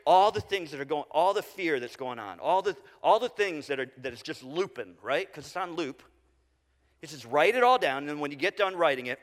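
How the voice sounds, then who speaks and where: A middle-aged man preaching a sermon as pastor, conversational with halting restarts, dropping to quiet repeated phrases. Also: on the high side. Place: church sanctuary. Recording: long reverb of a large hall.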